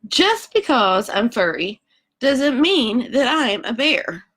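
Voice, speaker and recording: A woman's voice: fairly high pitch, big pitch swings, slow, a bit bright, voice pushed up, exaggerated voice. A woman reading aloud, voicing an indignant male koala with an Australian accent.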